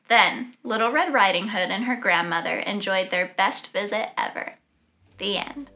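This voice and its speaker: A woman reading a children's storybook aloud in an animated, expressive way. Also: medium pitch, normal speed. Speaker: storybook reader.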